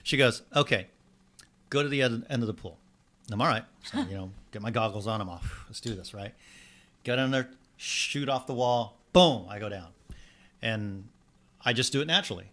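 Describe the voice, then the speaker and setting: A man, a wellness coach, guesting on a radio show, telling stories in animated style and acting out quoted voices. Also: lowish voice, normal speed. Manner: animated storyteller, acts out quotes. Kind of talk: radio studio chat.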